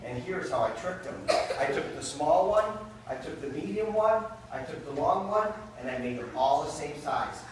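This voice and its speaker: High-voiced man telling a magic story to kids. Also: moderate pace, hardly any pauses. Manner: animated, keeps calling the kids "you guys". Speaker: children's magician and fire safety performer. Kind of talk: storytelling magic show for children. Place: daycare center room, indoors. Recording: very echoey room, from far off, noisy.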